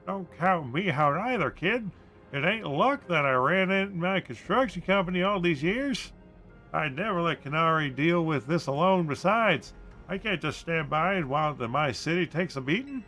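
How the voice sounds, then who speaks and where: A man voicing a gruff old male construction boss in a video game, with a folksy drawl that slips into a Southern twang. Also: a little high, lively intonation, normal speed, sharp tone, faint music behind. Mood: determined.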